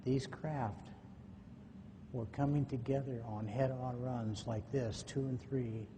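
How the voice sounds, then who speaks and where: A man's voice: steady tone, takes it slowly. A man speaking at a conference, telling a personal story in a folksy way and acting out the dialogue as he goes. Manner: folksy, acts out quoted dialogue. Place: conference hall. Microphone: microphone at a podium or in hand. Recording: echoey hall, faint noise, low-quality 2009 recording.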